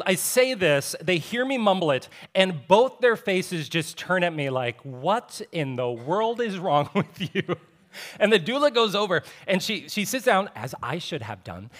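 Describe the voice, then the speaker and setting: Storytelling pastor with a high-ish voice. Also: male voice, a bit bright. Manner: conversational storytelling with self-deprecating humor. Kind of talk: sermon. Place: church sanctuary.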